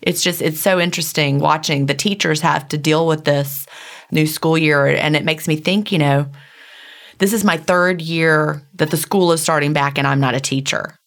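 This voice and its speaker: A woman co-hosts a casual podcast chat in a low, gravelly, slightly bright voice. Her intonation is fairly even and her pace moderate.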